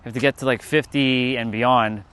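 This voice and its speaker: A man's voice: medium pitch, fairly even intonation, normal speed, fairly bright tone, clear, resonant tone. A man with a Canadian accent hosting a livestream outdoors on his phone, rambling and thinking aloud as he walks down a city street. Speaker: livestream host. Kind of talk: walking livestream chat.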